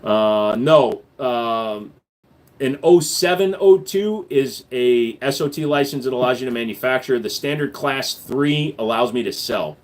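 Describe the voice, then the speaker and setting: Brief: blunt, profane male streamer, mid-pitched voice, casual chat Q&A. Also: expressive, a little slow. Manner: blunt and profane, with loose fillers. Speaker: gun channel host. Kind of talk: casual livestream Q&A reading chat.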